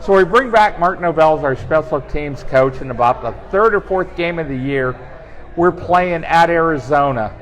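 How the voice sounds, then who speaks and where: A man telling animated, funny anecdotes in a casual chat, acting out quoted dialogue. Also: a little high, normal speed, poor audio. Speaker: guest storyteller on team talk show. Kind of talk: casual storytelling.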